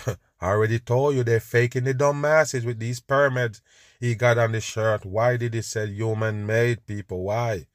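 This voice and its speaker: A podcast host with a steady, medium-pitched voice reacts to video clips at a normal pace, ranting with scorn. He's preachy and keeps addressing his listeners as "people." The studio-quality recording has no echo.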